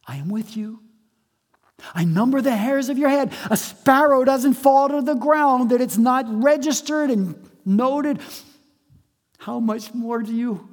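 A preacher delivering a sermon, swinging between loud emphatic lines and hushed low drops, stretching words for emphasis. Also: slightly rough. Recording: long hall reverb.

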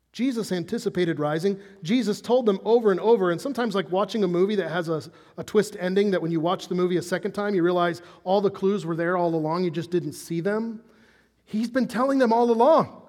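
A pastor with a high voice preaches a sermon, telling the story with animated energy and dropping into soft, intense tones for key points. The recording has a big-room sound.

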